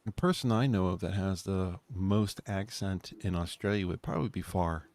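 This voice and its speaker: Deep-voiced man, rambling chat. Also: moderate pace, a little mellow. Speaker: co-host. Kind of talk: casual online group chat.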